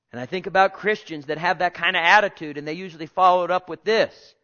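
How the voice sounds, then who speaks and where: Male pastor, fairly high voice, preaching with loud-soft swings and repeats, dull lo-fi sound. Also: fast talker, hardly any pauses. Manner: preaching with sudden swings in loudness, repeating phrases; asks the congregation direct questions. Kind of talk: sermon.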